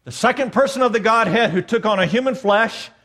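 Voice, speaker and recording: A man preaching a sermon, emphatic, swinging between raised declarations and quiet asides. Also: high-pitched, fairly quick. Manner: emphatic preaching, rising and dropping in volume. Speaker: pastor.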